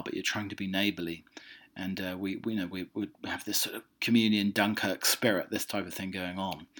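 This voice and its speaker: A man's voice: mid-range voice, low-quality recording. A man hosting a podcast, talking in a wry, rambling casual monologue with restarts and asides. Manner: rambling, wry, self-interrupting. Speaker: podcast host.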